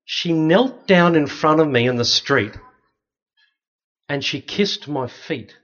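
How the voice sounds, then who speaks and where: A man's voice: on the high side, takes it slowly. A middle-aged Australian man, a Catholic priest, giving an anecdotal talk with slides and acting out the voices of people in his stories. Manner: lively, anecdotal, acts out other people's voices. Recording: dull, slightly lo-fi sound.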